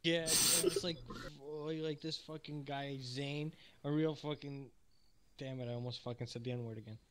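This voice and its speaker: A man's voice: a little high, fairly even intonation, moderate pace, fairly bright tone. A man from New York telling crude, profane stories in casual voice chat while gaming. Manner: profane, storytelling, laughs often. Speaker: gamer on voice chat.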